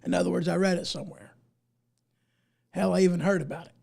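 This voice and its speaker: Indignant gravelly-voiced man, losing his voice. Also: high-pitched, fairly even intonation, fast, darkish tone. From United States. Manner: emphatic, indignant, folksy. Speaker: podcast host. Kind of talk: opinion commentary, reading articles aloud.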